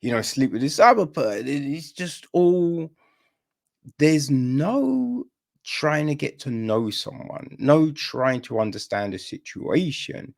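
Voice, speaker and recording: A man's voice: on the high side, very animated, slow pace, creaky. A man hosting a film review podcast, talking casually in an exasperated, rambling way with lots of fillers and restarts.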